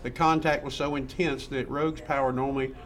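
A man's voice: mid-range voice, level tone, fairly quick, faint music behind. A man, co-hosting a casual chat, rambling and laughing often. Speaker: podcast co-host. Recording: faint background noise.

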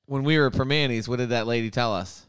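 A man's voice: mid-range voice, quick pace, a bit bright, clean tone, no echo, studio quality. A man co-hosting a casual chat about beers, easygoing and reflective. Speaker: podcast co-host rating beers.

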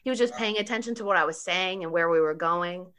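A woman telling a personal story in casual conversation, animated, laughing often and saying 'like' a lot. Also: lowish voice, quick pace, clear, resonant tone.

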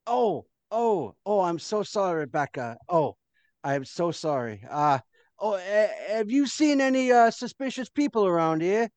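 A man voicing a gruff male town guard who barks "oi" and then turns apologetic and rambling. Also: high-pitched, very animated, unhurried, darkish tone, dry recording, voice pushed up. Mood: flustered.

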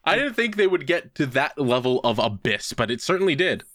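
A man's voice: mid-range voice, big pitch swings, a little fast, a bit bright. A man co-hosting a casual podcast, swearing often as he rants through a movie recap. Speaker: podcast co-host.

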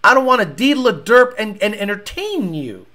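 A man's voice: sits high, sing-song, moderate pace, pushed and bright, full character voice. A man voicing a weary male family YouTuber who complains about fans in a folksy drawl. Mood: annoyed.

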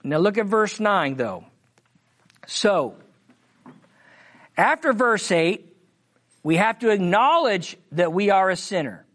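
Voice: mid-range voice, animated, fairly bright tone. A preacher teaching from the Bible in a sermon, reading scripture with emphasis and often checking in with "Amen?" and "All right?". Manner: reads scripture slowly, with emphasis.

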